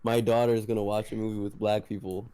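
A man's voice: lowish voice, level tone, fast, dark tone, clean tone. A man in a casual gaming voice chat who jokes crudely, swears a lot and likes to provoke. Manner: crude, profane, provocative joking. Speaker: voice chat participant.

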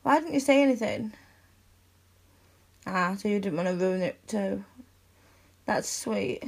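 A young woman in a one-sided audio role-play, speaking softly and intimately to the listener as her best friend, with sighs and giggles. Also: mid-range voice, expressive, a little slow, creaky.

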